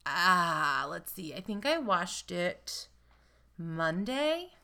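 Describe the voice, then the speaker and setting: A woman's voice: on the low side, very animated, very slow, vocal fry, pushed and bright. A young woman from North Carolina co-hosting a podcast, chatting casually and rambling with lots of fillers and restarts. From Greensboro, North Carolina. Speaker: podcast co-host. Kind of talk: casual chat.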